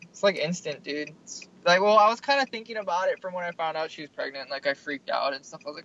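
Young guy rambling fast, chill, says like a lot, muffled lo-fi audio. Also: a little high, sharp tone. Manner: laid-back, rambling, lots of "like". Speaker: guest fighter. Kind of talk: casual interview answers.

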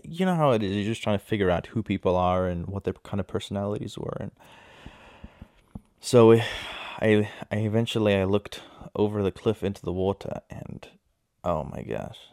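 A man's voice: on the low side, moderate pace, pauses often, a little mellow, no echo, clean studio sound. A young man casually telling a personal anecdote, rambling and correcting himself as he goes. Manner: rambling, self-correcting storyteller. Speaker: storyteller.

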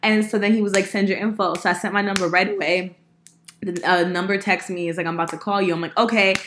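A young woman telling a story in casual podcast chat, animated, laughing often and swearing freely, a little sick. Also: mid-range voice, fast, a little hiss or hum. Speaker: podcast host.

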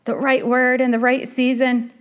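A woman's voice: high-pitched, flat delivery, moderate pace, smooth. A woman preaching a sermon, speaking earnestly to the listener as a friend and repeating her points.

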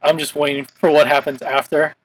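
A man's voice: on the high side, level tone, a little fast, slight background noise, rough recording. A young man from Hawaii hosting a casual podcast chat, rambling with lots of "like" fillers. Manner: rambling, heavy use of "like" as filler. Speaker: podcast host.

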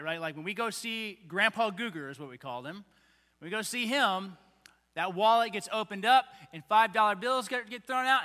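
Bright, high-voiced man preaching in a hall. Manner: conversational, animated preaching with acted-out voices. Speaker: pastor. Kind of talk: sermon. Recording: long hall reverb.

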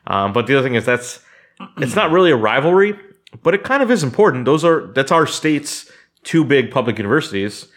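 A man co-hosting a sports podcast, giving measured, opinionated takes with "um" fillers. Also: mid-range voice, big pitch swings, fairly bright tone. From Southern California. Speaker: podcast co-host. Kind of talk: casual sports chat.

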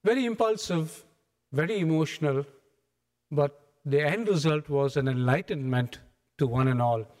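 Brief: male preacher, animated storyteller, fairly high voice, church with a long echo. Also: normal speed. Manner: animated storytelling, acts out scenes. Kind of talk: sermon. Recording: echoey hall.

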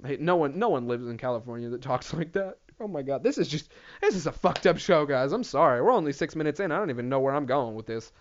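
A man's voice: fairly high pitch, lively intonation, quick pace. A young man hosting his own show in a profane, rambling, self-deprecating solo rant. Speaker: podcast host. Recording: dull lo-fi recording.

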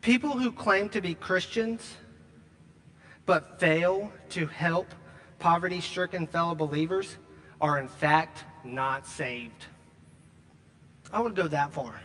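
High, bright-voiced man preaching. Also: big-room sound. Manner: emphatic preaching with repeated phrases and slow stressed lines. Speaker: pastor. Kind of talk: sermon.

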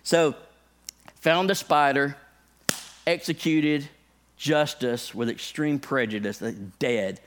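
A man who is a pastor, telling a funny personal story as part of a sermon, animated, with his voice jumping up high when excited. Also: takes it slowly, long pauses.

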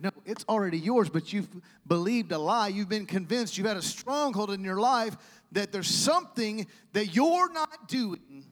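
A male pastor preaches a sermon, telling stories with energy and calling out to the congregation. His voice sits high for a man. A long reverb from the church hall trails each phrase. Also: moderate pace. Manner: animated storytelling with asides to the congregation. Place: church sanctuary.

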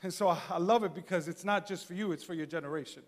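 A male pastor preaching a sermon, moving from quiet talk to fervent shouting. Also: high-pitched, fast, big-room sound. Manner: builds from quiet to shouting fervor.

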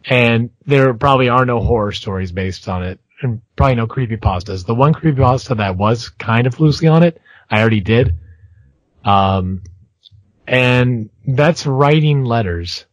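A young man with a mid-pitched voice tells a story on a casual podcast, full of ums and restarts. He pokes fun at himself as he goes. His voice sounds dry and close to the mic. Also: animated, moderate pace, no echo. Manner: hesitant storyteller with many ums and restarts, self-mocking. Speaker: podcast co-host.

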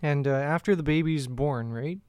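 Young male co-host, slightly high voice, laughs through crude jokes. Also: moderate pace, a little mellow, smooth, dry recording. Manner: laughs often, crude banter. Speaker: podcast co-host. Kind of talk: casual comedy chat.

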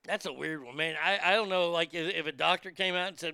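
Gravelly-voiced man riffing crude jokes. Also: fairly high pitch, quick pace, sharp tone, dry recording. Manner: crude, mocking jokes with chuckles.

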